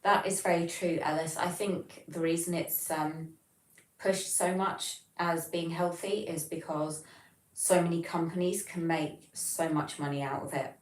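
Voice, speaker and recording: Speaking low, steadily, and at a measured pace, an English livestream host with a general Southern English accent rambles chattily, reading out viewer messages and replying. Her audio is roomy, picked up from a distance off the mic.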